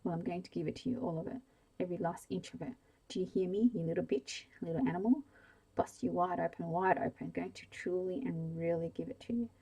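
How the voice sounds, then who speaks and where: A woman voicing an unhinged middle-aged male villain in a hushed, seething way while reading a storybook aloud. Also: fairly low pitch, brisk, breathy edge, rough recording. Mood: menacing.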